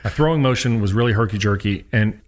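A former college pitcher is the guest here, speaking quickly with a slightly low voice. In this casual interview he's animated as he spins stories, taking on the voices of those he quotes.

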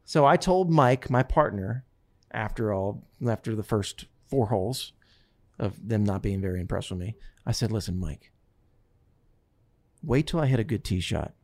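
A man casually telling a long story, acting out what others said in lively voices. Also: lowish voice, moderate pace. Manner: animated, quotes others in lively put-on voices.

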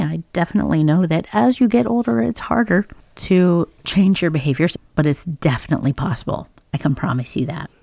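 A woman's voice: sits low, gravelly, warm tone, dry recording, clean studio sound. A young adult woman hosting a faith podcast, talking casually and earnestly with lots of "like" and "you know.". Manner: conversational, earnest, uses "like" a lot.

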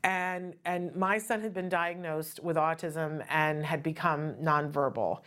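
A woman's voice: sits low, measured pace, a bit bright. Earnest, chatty woman host. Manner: earnest, conversational, often asks "right?". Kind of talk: casual talk show monologue.

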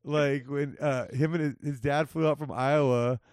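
Profane joking podcast host, dry mic. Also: male voice, mid-range voice, steady tone, normal speed, darkish tone, dry recording. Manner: loose, profane, joking banter. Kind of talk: casual podcast chat.

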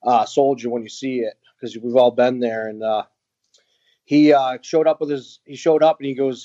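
A man telling a heartfelt story as a podcast guest, earnest and halting with many fillers. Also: mid-range voice, steady tone, mellow, no echo, highs cut off. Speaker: guest, veteran nonprofit founder.

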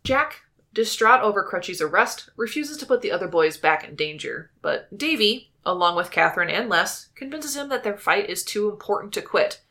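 A woman co-hosts a casual podcast, recapping a stage musical's plot with plenty of laughs and fillers. Her medium-pitched voice is expressive, bright and forceful at a moderate pace, and she sounds giggly and upbeat, saying "like" a lot.

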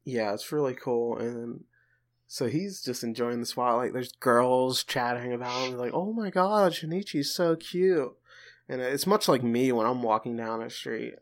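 A man with a gravelly, fry-edged voice at an ordinary pitch talks through a show in loose, casual chat. He jokes and retells scenes with animation as a podcast co-host. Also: normal speed. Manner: animated, joking storyteller.

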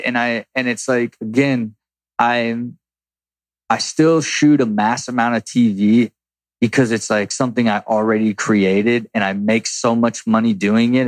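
A man's voice: mid-range voice, no echo. A man in his forties answering audience questions in a loose, rambling way, swearing freely and acting out little quotes. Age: 40s. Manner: profane, rambling, acts out quotes. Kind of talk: casual Q&A talk.

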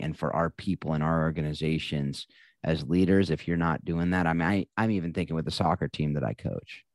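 A man co-hosting a podcast, talking in a relaxed, conversational way and going quieter when he reflects. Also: a bass voice, dry recording. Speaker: podcast co-host. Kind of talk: casual podcast chat.

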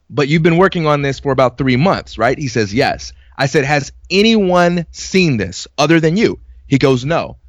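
A man's voice: medium pitch, dry recording. A man co-hosting a podcast, chatting casually and telling stories, acting out quoted exchanges and laughing often. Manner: storytelling, acts out quoted exchanges. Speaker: podcast co-host.

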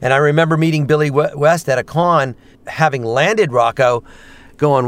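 A man, a voice actor and stand-up comedian, telling animated stories and slipping into character voices. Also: fairly high pitch. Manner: lively storyteller, quick jumps into character voices. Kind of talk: animated anecdotes with voice impressions.

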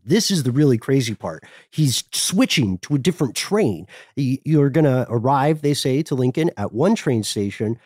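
Animated man telling history. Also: medium pitch, normal speed, hardly any pauses, breathy edge, no room sound, clean studio sound. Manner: animated, conversational storytelling. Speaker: podcast co-host. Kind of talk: casual history podcast chat.

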